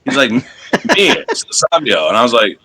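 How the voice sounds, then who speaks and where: Bright-voiced man telling profane stories. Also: mid-range voice, sing-song, normal speed, breathy edge. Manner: profane, laughing storyteller. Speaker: wrestler guest. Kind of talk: casual storytelling interview.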